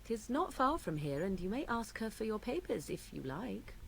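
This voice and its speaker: A woman's voice: mid-range voice, sing-song, moderate pace, vocal fry, a little hiss or hum. Morrigan, a haughty wild witch. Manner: archaic, haughty, mocking. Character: aloof mysterious young witch woman of the wilds.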